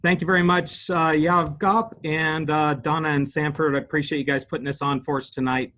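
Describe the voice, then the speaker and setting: A man's voice: on the high side, flat delivery, brisk, bright, forceful tone. A middle-aged man from Arizona giving an earnest, prepared campaign statement as a county supervisor candidate, with filler words.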